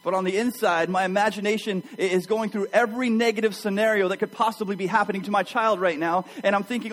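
A man preaching a sermon to his church, telling a personal story with animated energy and addressing the congregation directly. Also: high-pitched, quick pace, hardly any pauses, rough recording. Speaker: pastor.

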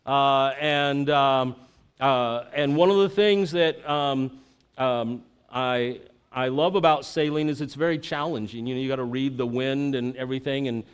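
A middle-aged man from Florida, giving a conversational sermon as pastor, halting with many fillers and restarts. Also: medium pitch, clean tone.

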